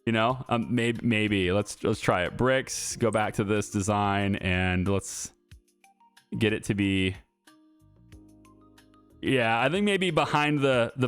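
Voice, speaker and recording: A man's voice: fairly low pitch, fairly bright tone. A man giving casual gameplay commentary, thinking aloud with fillers and restarts as he builds. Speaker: gaming YouTuber.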